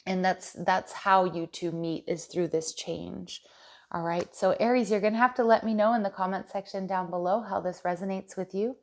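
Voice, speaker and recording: A woman's voice: medium pitch, fairly even intonation, normal speed, few pauses. A woman giving a casual tarot love reading, talking straight to her viewers with many restarts and fillers. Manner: chatty, stumbling restarts, warm direct address. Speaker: tarot reader.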